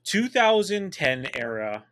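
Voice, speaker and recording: A man in his thirties co-hosting a podcast in casual, profane chat, boisterous and quick to laugh. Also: a little high, sing-song, a bit bright. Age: 30s. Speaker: podcast co-host, military veteran.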